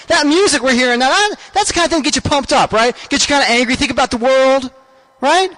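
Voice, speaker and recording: Male radio host with a very high voice, ranting and defensive, political talk. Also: fast talker, a bit bright, poor audio. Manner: ranting, repetitive, mock-defensive. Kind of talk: political rant.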